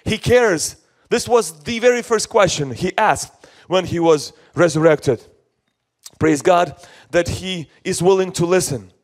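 A man's voice: high-pitched, measured pace. A man preaching an earnest sermon in short, repeated phrases, a Russian speaker talking in English. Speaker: pastor. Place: church.

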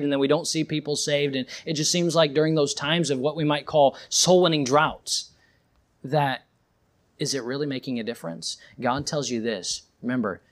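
A young man delivers a sermon as pastor. His voice sits high, climbing into fervent peaks and then sinking into quiet, reflective passages.

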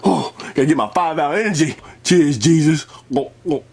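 A man's voice: on the high side, moderate pace, creaky, a little mellow, husky. A man voicing a lazy, slangy male gamer creature who keeps calling people "folk" and pleads in a whiny way. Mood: restless.

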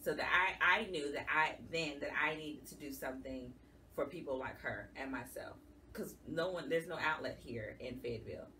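A woman's voice: sits low, moderate pace, sharp tone. A woman giving an earnest, emotional personal testimony as a guest in an interview. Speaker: guest, support group founder. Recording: somewhat distant mic with faint background noise.

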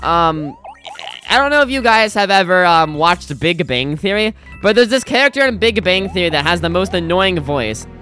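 A woman's voice: on the low side, expressive, moderate pace, a bit bright, clear, resonant tone, faint music behind. A young woman streaming a video game, chatting casually and rambling with frequent restarts. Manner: rambling, self-interrupting, chatty. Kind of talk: casual gameplay commentary.

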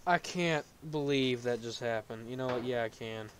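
A man playing a game on a video, commenting as he goes and yelling in frustration when he falls. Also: mid-range voice, moderate pace, a little hiss or hum. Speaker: gaming YouTuber.

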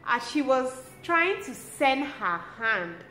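Lively woman telling a story. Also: sits high, slow. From Cameroon. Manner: lively, expressive storytelling with frequent laughter. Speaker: lifestyle vlogger. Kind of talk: casual storytelling to camera. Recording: roomy with faint ambient noise.

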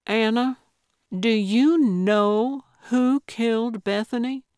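A woman narrator voicing a blunt, coaxing elderly woman amateur detective in an audiobook, speaking louder and more briskly than her narration. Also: a little high, clear, resonant tone, dry recording, studio quality, voice pushed up.

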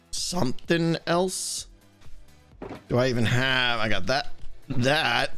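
A man's voice: mid-range voice, pushed and bright, smooth. A young man chatting casually on a live game stream, thanking viewers by name and interrupted by hiccups. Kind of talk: casual live-stream chat while gaming.

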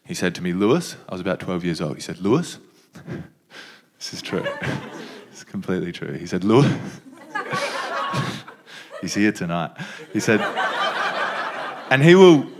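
A man's voice: sits low, very animated, a little slow, long pauses, a little hiss or hum. A young man with an Australian accent doing laid-back stand-up storytelling on stage. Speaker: stand-up comedian.

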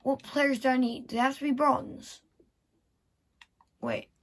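Woman gamer muttering to herself while she plays, slow and a bit husky, keys clicking in the background. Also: high-pitched, steady tone. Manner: muttering to herself, thinking aloud. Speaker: gameplay vlogger. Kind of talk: casual gaming commentary.

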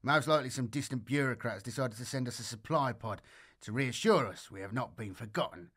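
Dude doing a sneery cynical old-hand soldier, dry and mocking. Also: male voice, mid-range voice, fairly quick, a bit bright, close to an everyday voice. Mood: sneering. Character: sardonic, cynical male veteran soldier.

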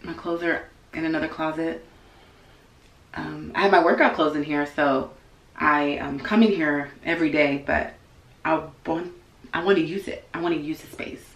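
A woman vlogging casually from her home closet, chatty and thinking out loud to herself. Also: sits low, steady tone, moderate pace, vocal fry, reverberant. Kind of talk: casual vlog chat.

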